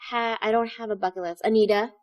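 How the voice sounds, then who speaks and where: A woman being interviewed about her stage acting, telling stories in an animated way and acting out the lines she quotes. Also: medium pitch, fast talker, dry recording. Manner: animated storytelling, acts out quotes. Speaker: stage actress, guest. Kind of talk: interview conversation.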